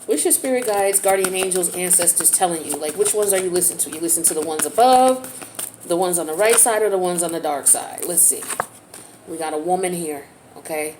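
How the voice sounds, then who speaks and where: A woman's voice: on the low side, brisk, noisy background. Slangy, chatty woman reading tarot. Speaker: tarot reader.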